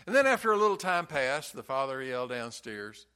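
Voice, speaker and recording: A male pastor preaching a sermon slowly and with emphasis, repeating key phrases. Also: mid-range voice, big pitch swings, pushed and bright, clean tone.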